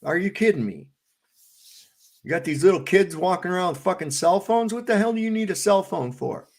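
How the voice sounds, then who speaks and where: A man's voice: sits high, lively intonation, fairly quick, a little mellow. A middle-aged man co-hosting a casual podcast, telling stories in a blunt, profane, ranting way. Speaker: podcast co-host. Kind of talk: casual profane storytelling chat.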